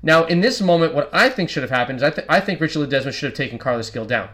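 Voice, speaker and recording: A man's voice: fairly high pitch, animated, rapid-fire, fairly bright tone. A man co-hosting a football podcast, breaking down match plays step by step in casual talk, with frequent restarts. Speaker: podcast co-host.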